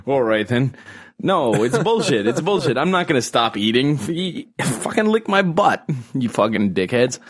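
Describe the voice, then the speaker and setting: A man's voice: mid-range voice, sing-song, moderate pace, hardly any pauses, slightly rough. A young man co-hosting a casual chat, ranting and swearing as he mocks people in put-on quotes. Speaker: podcast co-host. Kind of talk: casual profane banter.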